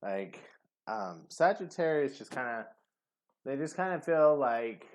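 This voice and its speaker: A man's voice: mid-range voice, sing-song, unhurried. A man giving a casual tarot reading to camera, rambling and hesitant, with many fillers. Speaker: tarot reader.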